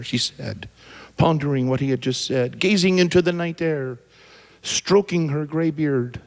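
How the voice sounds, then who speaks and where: A man with an Irish accent telling a joke on a live concert stage, chatty and quick to laugh at his own punchline. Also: a little high, very animated, gravelly. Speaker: folk band singer.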